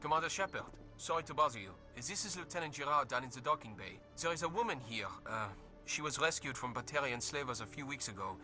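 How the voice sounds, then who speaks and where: An actor playing a hesitant, apologetic dock lieutenant in a video game. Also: male voice, medium pitch, lively intonation, fast talker, few pauses, pushed and bright. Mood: concerned. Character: concerned male dock lieutenant. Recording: game audio with music behind.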